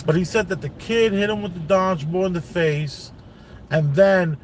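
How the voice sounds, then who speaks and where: A man's voice: high voice, normal speed, a little hiss or hum. A father telling a family story in a casual, rambling way, full of like and you know, while sitting in a car. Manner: rambling, lots of like and you know, repeats himself. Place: inside a car.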